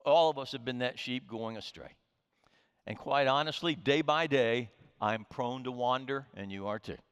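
A man's voice: medium pitch, normal speed, smooth, big-room sound. A man preaching a sermon as pastor, earnest and emphatic, his delivery rising and falling.

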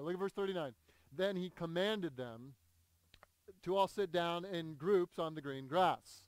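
A male pastor preaching a conversational sermon, animated and quick to repeat himself when stirred up. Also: high voice, clean tone, no echo.

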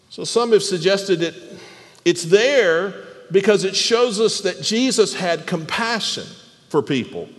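A man preaching a sermon in an animated way, often repeating words as he restarts a phrase and putting questions to the congregation. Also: high-pitched, measured pace, long reverb tail. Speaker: pastor.

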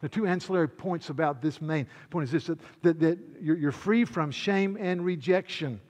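A man preaching a sermon as pastor, swinging between loud proclamation and hushed, intimate asides. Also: fairly high pitch, moderate pace, big-room sound.

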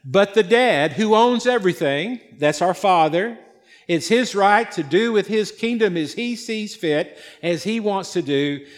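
A man's voice: sits high, lively intonation, measured pace, big-room sound. A man preaching a sermon, retelling a parable with emphatic, repetitive phrasing. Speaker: pastor.

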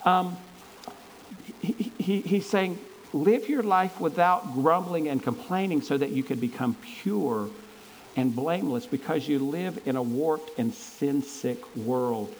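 A man's voice: fairly high pitch, unhurried, a little hiss or hum, low-quality recording. A man preaching a sermon in an earnest, conversational way, stumbling and restarting as he reads and explains scripture. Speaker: pastor.

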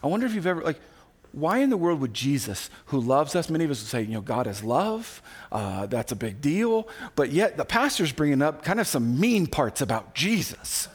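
A male pastor preaching a sermon, animated and conversational, acting out quoted voices with quick asides. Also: on the high side, breathy edge. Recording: recorded sermon audio.

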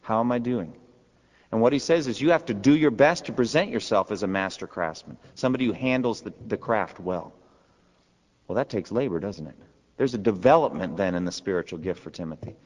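A man's voice: on the low side, expressive, fairly quick, a little mellow. A man preaching a sermon as pastor, earnest and emphatic, asking his listeners rhetorical questions. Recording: long hall reverb.

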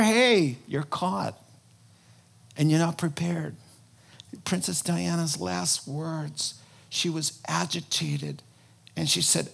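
A fairly high-voiced man preaches a sermon in a loose, conversational way. He talks to the congregation like a friend, then suddenly pushes his voice up for emphasis. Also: fairly even intonation, measured pace, gravelly, breathy edge. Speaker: pastor.

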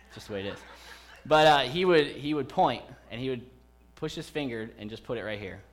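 A man in his thirties preaches a casual sermon in a church. His voice sits at an ordinary middle pitch. He talks to the congregation like old friends and jokes with them as he goes. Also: animated, brisk. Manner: chatty and joking with the congregation. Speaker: pastor. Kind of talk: conversational sermon.

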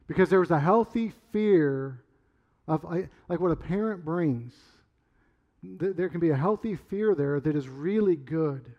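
A middle-aged man preaching a sermon in a loose, conversational way, rambling through stories and sometimes shouting. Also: fairly high pitch, highs cut off. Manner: conversational, rambling storyteller with sudden loud outbursts. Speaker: pastor.

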